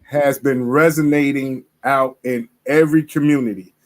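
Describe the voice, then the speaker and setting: A man's voice: medium pitch, steady tone, moderate pace. A man hosting a casual interview and asking a guest about her music. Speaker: interview host.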